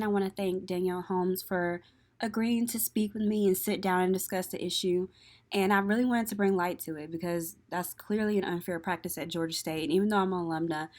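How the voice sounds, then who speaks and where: Chatty young woman host. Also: on the low side. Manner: chatty, laughing, animated storytelling. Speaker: podcast host. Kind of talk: casual chat and show recap.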